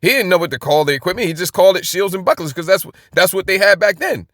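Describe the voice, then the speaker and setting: High-voiced man teaching Bible prophecy. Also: expressive, quick pace, a bit bright, no echo, clean studio sound. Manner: repeats "okay?" often, rhetorical and emphatic. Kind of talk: casual Bible commentary.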